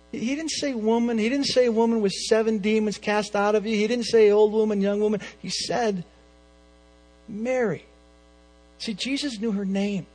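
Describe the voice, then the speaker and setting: A male preacher with a high voice delivers his sermon expressively, rising to loud emphasis and dropping to near-hushed phrases. A low mains hum runs under the recording.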